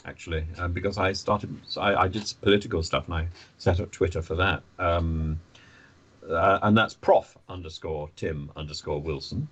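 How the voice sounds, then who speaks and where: A man talking as a podcast guest, animated, often stammering and restarting his sentences. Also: sits low, moderate pace, husky. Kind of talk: conversational podcast interview.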